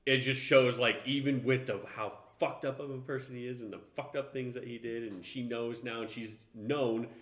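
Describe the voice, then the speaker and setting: A man's voice: mid-range voice, steady tone, normal speed, hardly any pauses, fairly bright tone, roomy sound. A young man co-hosting a podcast, chatting casually about a TV show, rambling and swearing often. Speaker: podcast co-host. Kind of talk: casual chat reviewing a TV show.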